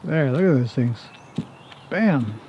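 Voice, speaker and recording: Walking his farm outdoors, a horse trainer vlogger chats casually to the camera and affectionately to the animals. His mid-range voice has lively intonation and a slow pace. The audio is dull, with a little hiss or hum.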